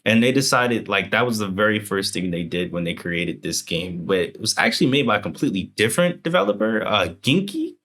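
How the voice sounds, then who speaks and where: A young man co-hosts a casual podcast, talking in a loose, rambling way and joking as he goes. His voice sits low and deep, with a bright, forceful edge. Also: animated, fairly quick, few pauses. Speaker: podcast co-host.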